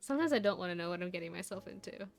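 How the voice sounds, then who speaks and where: A woman's voice: lowish voice, expressive, rapid-fire, gravelly, soft background music. A woman VTuber chatting casually to her stream viewers, rambling through a story with lots of laughs and fillers.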